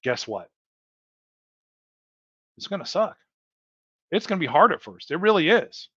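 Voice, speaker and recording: This livestream host speaks high and unhurried, with big pitch swings and a bright, forceful, slightly rough tone. He keeps urging his "folks" on in an earnest, repetitive, heartfelt way, and the lo-fi recording is dull and dry with no room sound.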